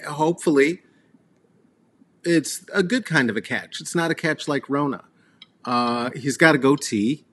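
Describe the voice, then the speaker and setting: A middle-aged man hosting a rambling solo comedy monologue, crude and sarcastic, full of fillers and trailing asides. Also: medium pitch. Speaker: comedy show host. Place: Colorado.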